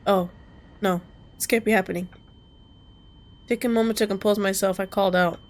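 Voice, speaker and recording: A woman streamer reading a visual novel aloud. She switches between calm narration and loud, laughing, cursing reactions. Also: medium pitch, a little fast. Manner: expressive, jumps from calm reading to squealing and laughing; casual and cursing in asides. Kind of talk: reading game text aloud with live reactions.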